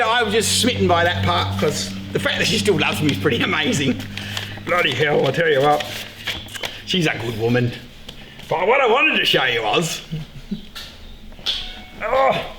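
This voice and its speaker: A middle-aged man hosting a casual beekeeping vlog, joking excitedly and swearing freely. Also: high-pitched. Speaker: beekeeper and show host. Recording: echoey room with loud background noise.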